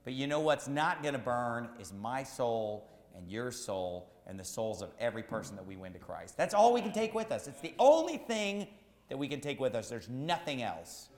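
A man preaching a sermon as pastor, emphatic and repetitive, rising to shouts at times. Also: mid-range voice, very animated, moderate pace, reverberant, big-room sound.

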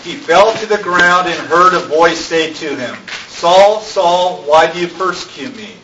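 A man's voice: fairly high pitch, animated, a little slow, sharp tone. Man reading bible verses from across the room, kinda muffled, slight hiss. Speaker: church member reading aloud. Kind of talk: reading scripture aloud. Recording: distant, dull room pickup.

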